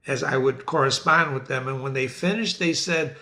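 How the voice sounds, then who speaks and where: A middle-aged man teaches classic literature to the camera in a theatrical, enthusiastic way. He often calls his viewers ladies and gentlemen. His voice sits high, swings up and down, and has a bright, forceful edge. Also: animated, moderate pace. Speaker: literature teacher and website host.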